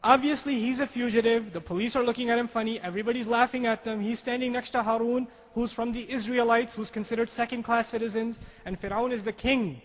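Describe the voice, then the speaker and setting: Man lecturing, lively storyteller, very high voice, long hall reverb. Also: fast, hardly any pauses. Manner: animated storyteller, acts out quoted dialogue. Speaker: Islamic speaker. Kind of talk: lecture on Quranic language.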